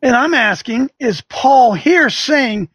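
A man's voice: very high-pitched, animated, slow pace, fairly bright tone, slightly rough, no room sound, dull audio. A man hosting a talk show as a coach, delivering combative, preachy commentary full of rhetorical questions. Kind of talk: fiery commentary with a call-in feel.

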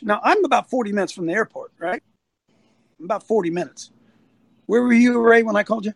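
In a rough, dry phone recording, a ministry leader nicknamed Coach delivers a livestreamed preaching talk. His high voice runs a little fast, with vocal fry and a breathy edge, as he tells a folksy story and animatedly rallies people to serve.

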